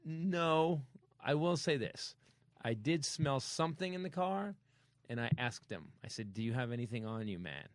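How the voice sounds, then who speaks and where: A man hosting a comedy podcast, telling a story in a casual, animated way and acting out sound effects. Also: medium pitch, moderate pace, no room sound. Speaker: podcast host.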